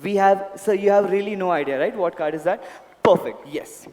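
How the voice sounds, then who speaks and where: A man's voice: high-pitched, moderate pace, darkish tone, long reverb tail. A man performing a stage magic act, politely coaxing volunteers and addressing them as sir and ma'am, speaking into a handheld mic. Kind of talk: live magic show patter. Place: large hall at a club event.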